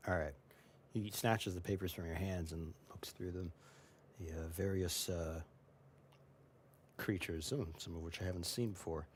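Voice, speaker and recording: Deep-voiced man running a tabletop game. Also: fairly even intonation, slight background noise. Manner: unhurried, with frequent hesitations. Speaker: game master.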